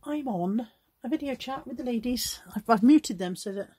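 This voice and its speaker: A woman's voice: a little high, animated, normal speed, mellow, slightly rough, no echo. A middle-aged woman, chatting casually to a handheld phone camera in her vlog diary, self-deprecating and talking to her dog. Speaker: vlogger.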